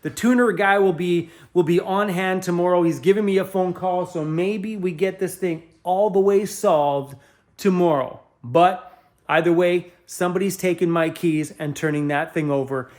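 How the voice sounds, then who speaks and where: A man's voice: sits high, moderate pace, a little mellow. A young adult man from Canada chatting casually to camera in an upbeat vlog, laughing often. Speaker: van life vlogger.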